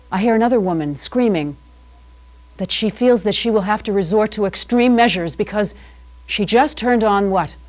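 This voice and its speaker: A woman host performing a playful, rambling improvised comedy monologue in a TV studio. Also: medium pitch. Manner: rambling, playful, free-associating. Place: public-access TV studio. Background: music.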